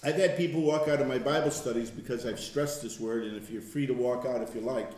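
A man's voice: mid-range voice, brisk, darkish tone. An older man leading an informal Bible study, telling stories in a conversational way and laughing often. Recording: very echoey room.

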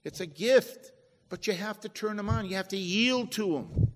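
A high-voiced man delivers a sermon, talking to his listeners conversationally and pressing them with rhetorical questions. He reads out scripture verses between his points. His voice trails off into a long reverb, as in a large hall. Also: lively intonation, normal speed, a little hiss or hum. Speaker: preacher.

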